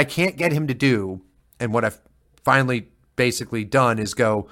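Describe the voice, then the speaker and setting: A man co-hosting a casual political chat podcast, retelling his arguments with heated, animated energy. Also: mid-range voice, normal speed. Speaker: podcast co-host.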